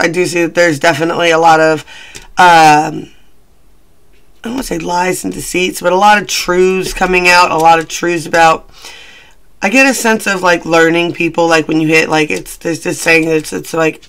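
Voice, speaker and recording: Brief: a bright-voiced man doing a rambling, chatty tarot reading. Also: a little high, gravelly. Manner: chatty, rambling, self-deprecating. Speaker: tarot reader.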